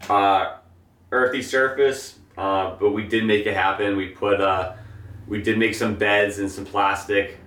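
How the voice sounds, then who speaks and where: Young guy with a really low voice talking loose and rambly, lots of ums, sounds a bit far from the mic in an echoey room. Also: measured pace. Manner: relaxed, rambling with many fillers. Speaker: hemp grower, guest. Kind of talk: casual interview chat.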